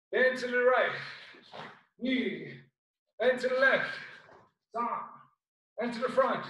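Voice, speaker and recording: Karate sensei, Irish man, higher voice, unhurried; distant mic, very echoey room. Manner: calls out commands and counts, brisk shouted cues. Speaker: karate instructor. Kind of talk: online class instruction. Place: home room on video call.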